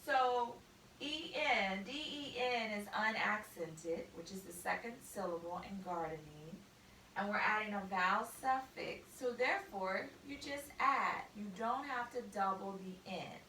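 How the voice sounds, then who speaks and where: Slow, patient woman teaching spelling. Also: mid-range voice, animated, pushed and bright, echoey room, far from the mic, slight background noise, low-quality recording. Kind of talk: spelling lesson for a student.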